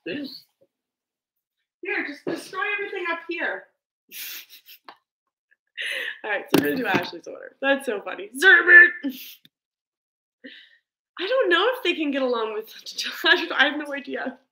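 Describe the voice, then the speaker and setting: A woman's voice: sits high, very animated, moderate pace, pauses often, pushed and bright. A woman hosting a casual livestream with her pet parrot, cooing baby talk at it and thanking viewers. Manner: coos baby talk to her bird, laughs often; reads out and thanks viewer comments. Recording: echoey room.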